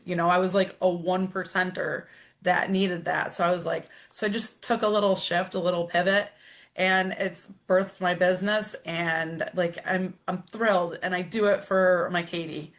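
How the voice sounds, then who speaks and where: A middle-aged woman, a coach and podcast guest, telling her story in an energetic, animated way, with many restarts. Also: lowish voice, moderate pace. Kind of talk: emotional conversational storytelling.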